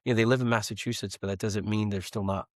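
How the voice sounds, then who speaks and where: A man's voice: lowish voice, steady tone, fast talker, no room sound, studio quality. A man in his thirties, a podcast guest talking casually and earnestly about faith and family. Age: 30s. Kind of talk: casual conversation.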